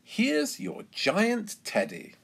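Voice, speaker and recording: A man voicing a cheerful female rabbit who runs a fairground stall, calling out in a loud, sing-song way. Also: high voice, wildly swooping pitch, takes it slowly, gravelly, breathy edge, voice pushed up, full character voice. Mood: teasing.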